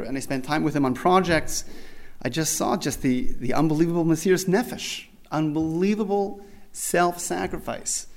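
A man with a slightly high, somewhat mellow voice earnestly tells a personal story honoring his rabbi. He often restarts and repeats phrases, and his speech is full of Hebrew religious terms.

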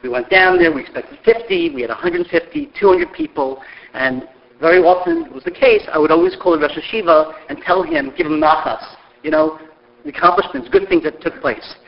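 A middle-aged man telling stories about a mentor, lively and acting out the voices of the people he quotes. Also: a little high, a little fast, gravelly. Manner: lively storyteller who acts out quoted voices. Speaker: speaker sharing memories of a mentor. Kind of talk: animated storytelling talk. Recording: dull lo-fi recording.

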